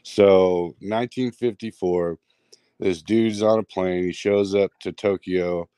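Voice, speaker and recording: A man's voice: low-pitched, slow pace, smooth, dry recording. A man telling a strange story in a rambling, casual way, full of fillers and restarts. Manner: rambling, filler-heavy, animated retelling. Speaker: guest storyteller.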